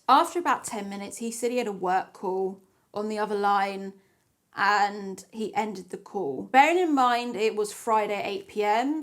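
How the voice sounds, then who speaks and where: A young woman vlogger telling a dating story in a candid, sarcastic way, swearing casually. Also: mid-range voice.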